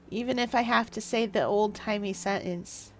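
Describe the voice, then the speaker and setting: A woman's voice: medium pitch, a little hiss or hum. Woman streamer, playful and rambling, casual game chat.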